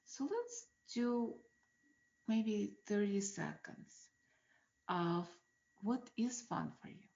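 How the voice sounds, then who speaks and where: Slow, gravelly-voiced woman host. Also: medium pitch, dull audio. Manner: asks many gentle rhetorical questions. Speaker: host of a self-help show. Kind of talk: reflective self-help talk.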